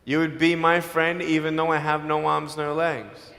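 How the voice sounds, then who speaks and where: Man, inspirational speaker, earnest and personal, slightly high voice, long hall reverb. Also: flat delivery, creaky, a bit bright. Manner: earnest, personal, with quick jokes. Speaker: motivational speaker. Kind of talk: inspirational speech to a live audience.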